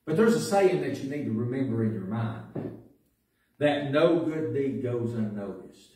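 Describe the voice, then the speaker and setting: A man preaching a sermon as pastor, telling folksy stories that build to loud preaching. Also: mid-range voice, lively intonation, measured pace. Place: church sanctuary. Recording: echoey church recording from a distance.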